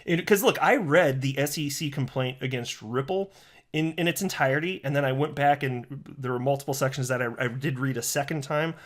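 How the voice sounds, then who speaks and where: A man's voice: mid-range voice, brisk. A man doing solo commentary for his channel, reading tweets aloud and ranting sarcastically, sometimes stopping to restart a line. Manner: animated, sarcastic ranting with mocking insults; self-correcting, restarts lines. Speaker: crypto YouTuber.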